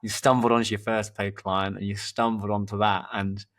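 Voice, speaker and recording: This podcast host and performance coach from England has a fairly low voice and speaks at an ordinary pace. His casual storytelling wanders and repeats words, picking up energy whenever an anecdote comes along.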